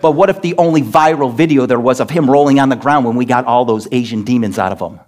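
A pastor delivering an emphatic sermon in a church, scolding and asking rhetorical questions. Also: male voice, mid-range voice, fast talker, darkish tone. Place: church sanctuary.

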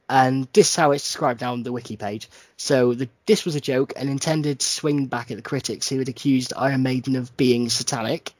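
Sweary guy on a podcast, kinda sleepy, husky voice, dry close sound. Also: mid-range voice, dry recording. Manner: sweary, animated, mimics people in silly voices. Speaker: podcast co-host. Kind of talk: casual chat.

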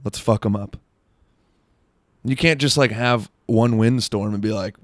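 With a fairly low pitch and a measured pace, a young man from South Florida riffs through a crude, wandering comic monologue, interrupting himself and peppering it with "like." The studio sound is clean, with no echo.

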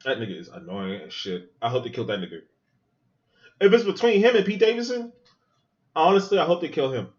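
Male podcast host with a very animated, crude watch-along delivery and a muffled lo-fi sound. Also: on the high side, fairly quick, pauses often. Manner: loose, profane, joking running commentary. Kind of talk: casual movie watch-along commentary.

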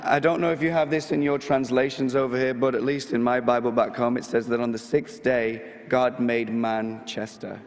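Hoarse Mancunian man preaching in church. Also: mid-range voice, steady tone, brisk, hardly any pauses, in a large hall. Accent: Mancunian English. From England. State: hoarse, getting over illness. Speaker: missionary preacher. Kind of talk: parish mission talk.

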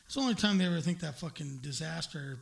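A man with a high, gravelly voice hosts a loose comedy talk segment. He is blunt and profane, and he rambles through listings with plenty of uhs. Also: lively intonation, fast. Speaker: radio show host. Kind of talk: casual crude comedy talk.

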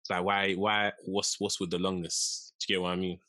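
A young man with a low, bright, forceful voice, animatedly telling a story and acting out quotes. He sounds recorded close and dry, with little room sound. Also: a little fast, no echo. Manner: animated storyteller, acts out quotes, laughs often. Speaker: podcast co-host. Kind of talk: casual storytelling chat.

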